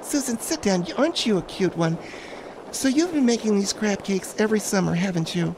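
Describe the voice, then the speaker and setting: A man's voice: high-pitched, animated, fairly quick, background noise. A man playing a gushing chat show host who fumbles names.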